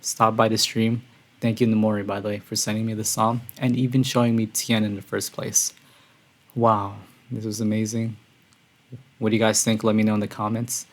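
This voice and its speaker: A man streaming a music reaction, talking casually and excitedly, breathless and calling his viewers "bro". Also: lowish voice, normal speed. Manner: excitable, says "bro" often, gushing. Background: song playing quietly.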